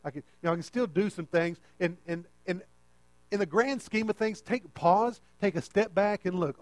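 A man's voice: sits high, big pitch swings, brisk, no echo. A man preaching a conversational sermon and often checking in with the listeners.

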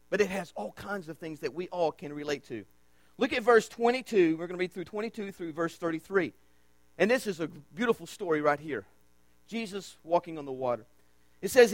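A man preaching a sermon as pastor, emphatic and repetitive, with dramatic pauses. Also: sits high, fairly bright tone, dry recording. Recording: dry with mains hum.

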